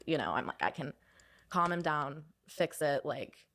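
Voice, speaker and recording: A woman's voice: low voice, lively intonation, measured pace, fairly bright tone. A young woman recounting a personal story on a podcast, hesitant, full of "like" and restarts. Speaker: podcast guest.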